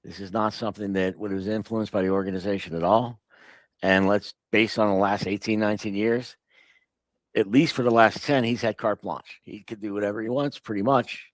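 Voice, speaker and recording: Lower-voiced male sports show guest. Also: fairly even intonation, normal speed, no room sound. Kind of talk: casual sports talk.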